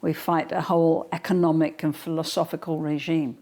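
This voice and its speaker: A woman's voice: low voice, flat delivery, normal speed, dark tone. An older woman being interviewed at home, talking in a forthright, blunt, straight-talking manner. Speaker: guest. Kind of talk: political interview.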